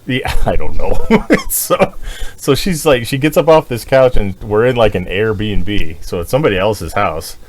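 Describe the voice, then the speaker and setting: A man co-hosting a podcast, telling a crude, animated story with lots of swearing and laughing. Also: lowish voice, moderate pace. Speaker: podcast co-host. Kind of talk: casual chat.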